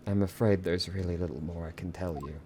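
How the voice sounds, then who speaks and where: A man reading a quiet, remorseful gentleman. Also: sits low, fairly even intonation, brisk, slight background noise, lightly acted. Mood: resigned. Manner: subdued, apologetic, formal. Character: remorseful, soft-spoken man, weary and polite. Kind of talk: reading game dialogue aloud.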